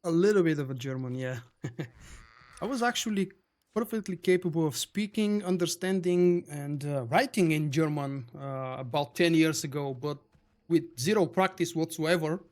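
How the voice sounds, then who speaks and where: A man's voice: fairly high pitch, normal speed, darkish tone. A man streaming a game live, chatting casually with viewers, greeting them by name and answering their messages. English is not his first language. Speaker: livestream gamer reading chat. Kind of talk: casual live-stream chat over gameplay.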